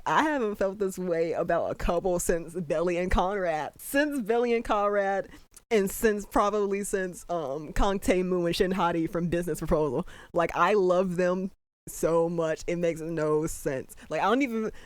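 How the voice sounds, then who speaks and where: A young adult giving casual, excitable reaction commentary on a show, getting emotional and swearing freely. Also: medium pitch, clear, resonant tone, no room sound.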